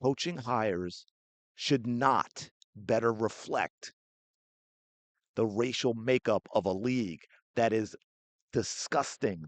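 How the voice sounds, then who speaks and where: A man's voice: medium pitch, slow, no room sound. A man hosting a sports podcast, giving heated, indignant solo commentary.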